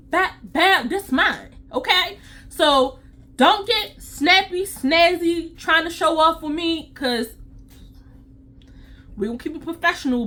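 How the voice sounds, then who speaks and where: A woman CPR instructor telling a story to her vlog audience in a sassy, animated way. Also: very high-pitched.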